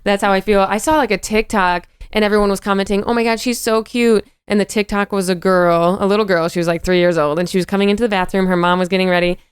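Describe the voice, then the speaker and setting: A woman's voice: mid-range voice, flat delivery, fast, few pauses, smooth, no room sound, clean studio sound. A young adult woman hosting a podcast, chatting casually with blunt, profane jokes. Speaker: podcast host. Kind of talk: casual chat.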